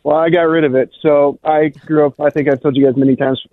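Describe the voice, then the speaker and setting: A man's voice: fairly high pitch, fairly even intonation, a little fast, no room sound. A man from southeast Minnesota calling a radio show and chatting about a trip back home. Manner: chatty storyteller. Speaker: caller. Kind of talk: phone-in chat. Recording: phone line.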